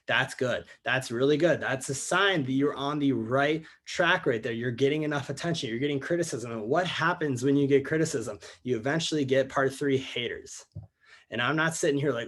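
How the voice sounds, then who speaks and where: A man's voice: medium pitch, a little fast. Young man pumping up his team. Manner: energetic, repetitive, addresses listeners as guys. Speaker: network marketing team leader. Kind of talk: motivational training call.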